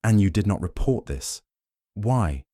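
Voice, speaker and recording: Man doing older detective, audiobook, stern, commanding, pressing questions, deep voice, dry. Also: animated, measured pace, warm tone, no echo. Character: shrewd, stern older male Belgian detective.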